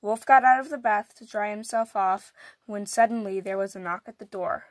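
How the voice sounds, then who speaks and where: A woman reading a children's picture book aloud, narrating in an animated, expressive way. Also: mid-range voice, normal speed, no room sound. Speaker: storyteller.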